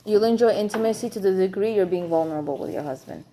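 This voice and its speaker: A woman's voice: medium pitch, fast, mellow, slight background noise. A woman teaching an informal class for women on marriage, chatty and frank, with humor.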